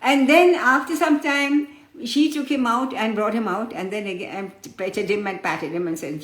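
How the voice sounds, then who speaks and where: A woman's voice: fairly high pitch, moderate pace, a bit bright. Woman teaching spiritual lessons, roomy echo. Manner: addresses listeners fondly as children, explains patiently. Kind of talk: spiritual discourse with storytelling.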